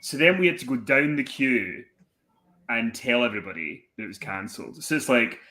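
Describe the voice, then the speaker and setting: Man, young adult, podcast guest, bright forceful tone, animated, sweary, does voices. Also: medium pitch, a little fast. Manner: animated, swearing, acts out the voices in his anecdotes. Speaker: podcast guest, wrestling commentator. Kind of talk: casual storytelling chat.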